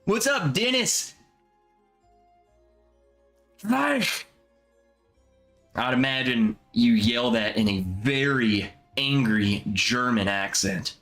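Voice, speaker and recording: A young man with a bright, forward voice hosts a laid-back livestream. His pitch swings up and down a lot as he muses and chats easily with viewers. Faint music plays quietly underneath. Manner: relaxed, chatty, drawn-out musing. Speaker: livestream host. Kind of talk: casual live chat reading comments.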